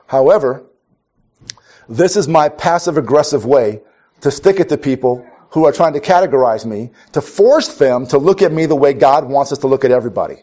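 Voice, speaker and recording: A man's voice: fairly high pitch, animated, fairly quick, darkish tone. A man from Minnesota preaching a conversational sermon, telling stories wryly and often restarting his sentences. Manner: storytelling, wry, restarts often. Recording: dull lo-fi recording.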